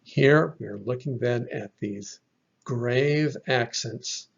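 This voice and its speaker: A man teaching a slide lesson, explaining slowly and patiently with the odd filler. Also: medium pitch, vocal fry, husky. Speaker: Bible language teacher. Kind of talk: slide lecture. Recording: dull lo-fi recording.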